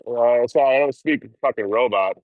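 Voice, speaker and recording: A man casually telling hitchhiking stories on a livestream, full of swearing and lively asides. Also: mid-range voice, normal speed, no echo, lo-fi sound. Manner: profane, animated storytelling.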